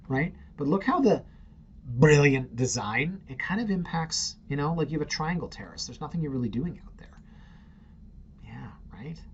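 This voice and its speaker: A man's voice: medium pitch, slightly rough, lo-fi sound. A middle-aged man, hosting a casual, opinionated commentary on real estate listings with sarcastic, muttered asides. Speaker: real estate agent host.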